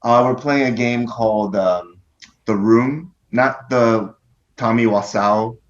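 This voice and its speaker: A man's voice: medium pitch, takes it slowly, highs cut off. A man in his forties chatting as a guest over a video call, laid-back and hesitant, with lots of fillers. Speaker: podcast guest.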